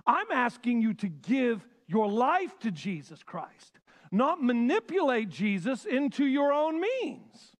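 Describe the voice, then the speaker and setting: A male pastor preaching a sermon with passion, swinging between loud bursts and hushed lines. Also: very high voice, big pitch swings, slow pace.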